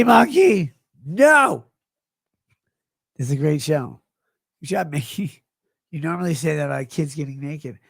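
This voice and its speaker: Gravelly, rambling drunk streamer man. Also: a little high, darkish tone, dry recording, clean studio sound. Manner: slurred, rambling, swings between mumbles and outbursts. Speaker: livestreamer. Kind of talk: rambling livestream chat reading comments.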